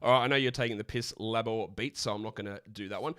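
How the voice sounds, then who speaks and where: An Australian man co-hosting a live stream, answering viewer questions in a blunt, opinionated, rapid-fire way. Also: lowish voice, fairly even intonation, fairly bright tone, no echo, clean studio sound. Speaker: podcast co-host.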